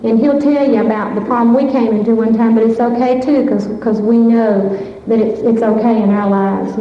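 Nervous woman in an echoey hall. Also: mid-range voice. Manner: nervous, halting, heartfelt. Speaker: speaker at a recovery fellowship meeting. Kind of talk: personal testimony speech. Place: large meeting hall. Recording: echoey hall, muffled lo-fi sound, faint hiss.

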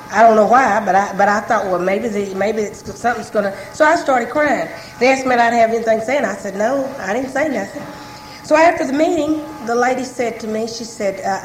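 A woman's voice: medium pitch, echoey room, a little hiss or hum, poor audio. A woman sharing her personal story with a recovery group, talking frankly and repeating herself often.

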